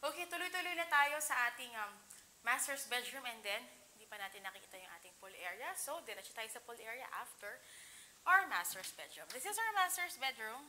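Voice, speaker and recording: A woman's voice: on the high side, animated, quick pace, pushed and bright, a little hiss or hum, low-quality recording. A young Filipino woman with a Filipino accent, giving an enthusiastic, chatty walkthrough of a house for sale. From Philippines. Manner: chatty, enthusiastic, exclaims over features. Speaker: real estate house tour host. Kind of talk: casual walkthrough tour, mixing Tagalog and English. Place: indoors in an empty furnished house.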